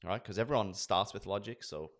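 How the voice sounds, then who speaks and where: A man in his forties, a sales trainer, giving an energetic lesson and acting out sales dialogues. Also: lowish voice, a little fast. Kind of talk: instructional talk with acted role-play.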